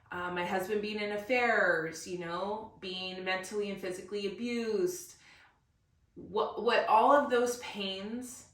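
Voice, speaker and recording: Woman host, solo podcast, bright voice, slow and earnest, roomy sound, bit distant from the mic. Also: mid-range voice. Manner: earnest, emotional, motivational. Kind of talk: emotional solo podcast monologue. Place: room recorded alone. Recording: roomy echo, somewhat far from mic.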